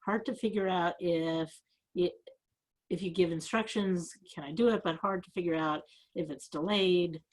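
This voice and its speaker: A woman's voice: lowish voice, normal speed. A middle-aged woman moderating a video call, reading out questions in a casual way.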